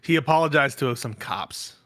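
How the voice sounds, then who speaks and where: A man in relaxed political banter who jokes and swears casually. His voice is bright and forceful at a middle pitch, and it is recorded dry and close. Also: moderate pace, dry recording. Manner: laid-back, joking, swears casually. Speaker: podcast guest.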